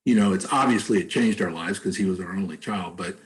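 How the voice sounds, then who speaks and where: A man talking casually on a video call in a soft-spoken, halting way with many fillers. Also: sits low, low-quality recording. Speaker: songwriter and bereaved father. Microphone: computer mic on a video call.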